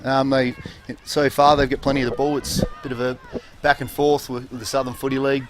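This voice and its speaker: Flat-voiced Australian man calling local footy. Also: mid-range voice. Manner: relaxed, halting, many fillers. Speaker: local football commentator. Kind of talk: casual sports commentary. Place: commentary box at an outdoor oval.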